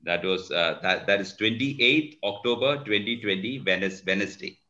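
A man speaking haltingly, correcting himself, on a call. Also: on the low side, pushed and bright, slight background noise. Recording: dull muffled call audio.

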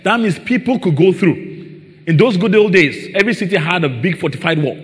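A man's voice: high voice, animated, brisk. A man preaching a sermon, often asking his listeners rhetorical questions. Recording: long reverb in a large hall.

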